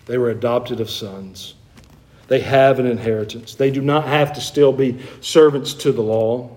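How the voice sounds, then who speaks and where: A man's voice: medium pitch, fairly even intonation, normal speed, a little mellow. A man preaching a sermon in a folksy storytelling way, full of personal anecdotes, often repeating phrases and restarting. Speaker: pastor.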